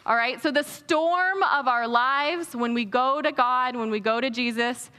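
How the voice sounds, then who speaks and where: A young woman takes the conference stage for an inspirational Christian talk, earnest, playful and full of energy, though her delivery is unhurried. Her voice is high-pitched, and her stage microphone picks up the long reverb of the echoey hall.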